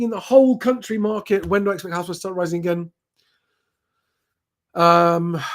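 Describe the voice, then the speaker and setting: A man hosting a live property Q&A, reading out viewer comments and answering them in a chatty, plain-spoken way with frequent ums. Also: on the high side. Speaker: property advice host.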